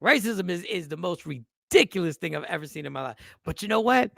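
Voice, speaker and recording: A man hosting a radio talk show, animated and joking, with earnest turns. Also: high-pitched, a little fast, vocal fry, no room sound, studio quality.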